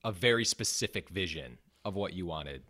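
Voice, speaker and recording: A man with a Wisconsin accent hosts a casual podcast interview. He asks questions and slips in jokes. His voice sits a little low. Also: expressive, moderate pace, bright, forceful tone. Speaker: podcast host.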